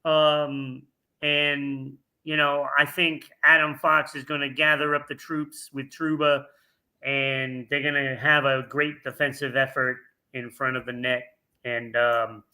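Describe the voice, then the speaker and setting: A man co-hosting a casual sports talk show, dropping quick asides and wisecracks. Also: medium pitch, flat delivery, pushed and bright. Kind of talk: casual sports picks chat.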